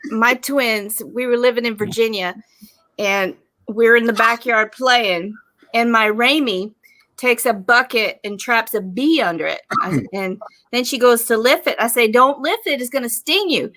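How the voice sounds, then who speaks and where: A woman's voice: fairly high pitch, measured pace, bright, forceful tone. A woman telling a funny story about her twins on a talk panel, cheerful and amused. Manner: cheerful, lifts voice when quoting her kids. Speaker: panelist mother. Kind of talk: casual storytelling.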